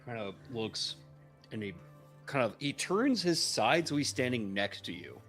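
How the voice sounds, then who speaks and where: A man narrating as game master in a relaxed, chatty way. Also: medium pitch, a little slow, soft background music.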